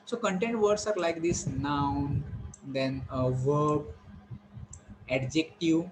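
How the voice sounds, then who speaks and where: Male lecturer, slightly high voice, patient step-by-step classroom delivery, faint hum behind. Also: low-quality recording. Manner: explains step by step, repeats key points, slows to stress words. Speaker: teacher.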